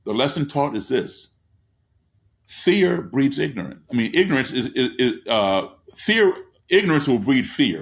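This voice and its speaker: Gravelly man telling emphatic stories. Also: mid-range voice. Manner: emphatic, repetitive preacher-like cadence. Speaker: guest. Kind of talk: storytelling in an interview. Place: his home living room.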